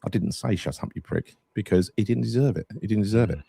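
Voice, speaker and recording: Low-voiced man, casual chat. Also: quick pace, vocal fry, warm tone, slightly rough, dry recording. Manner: chatty, swears freely, teasing. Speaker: podcast co-host.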